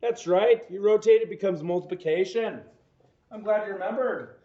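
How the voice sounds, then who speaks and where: Teaching math homework at a normal speed, a man with a light, high voice keeps testing the listener and tossing in playful jokes. His audio is dull and lo-fi, with echo around him.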